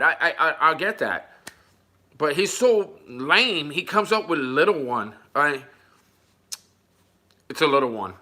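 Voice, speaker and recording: A man's voice: a little high, sharp tone. A man livestreaming, reading viewer comments aloud in casual chat and mocking a troll with jokes and frequent laughter. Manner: mocking, jokey, laughs often.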